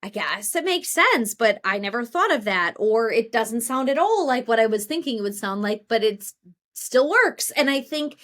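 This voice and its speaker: A woman's voice: on the high side, very animated, moderate pace, fairly bright tone. A woman co-hosting a writing podcast, thinking aloud in a loose, rambling way with lots of restarts. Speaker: podcast co-host. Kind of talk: casual podcast chat.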